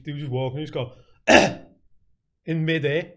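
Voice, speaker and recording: A man's voice: on the high side, steady tone, quick pace. A man, a comedian guest chatting casually and playfully, telling stories. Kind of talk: casual chat.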